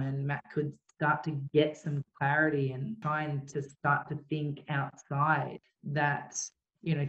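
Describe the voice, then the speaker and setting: Woman guest, earnest and halting, roomy and dull recording. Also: sits low. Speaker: interview guest. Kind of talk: emotional personal account.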